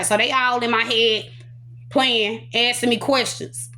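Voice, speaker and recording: A woman's voice: a little high, fairly even intonation, normal speed, bright, forceful tone. A woman, a prophetess, telling her personal testimony with earnest emotion, recounting it through quoted dialogue.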